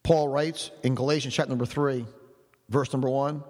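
Preacher guy hammering points in a sermon, mid pitch, long church reverb. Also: fairly even intonation, normal speed, a little mellow. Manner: emphatic, repetitive preaching cadence.

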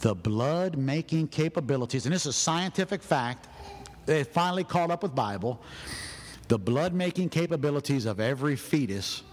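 A man preaching a sermon in a folksy storytelling manner that builds to shouting. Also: on the high side, animated, moderate pace, long reverb tail. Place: church.

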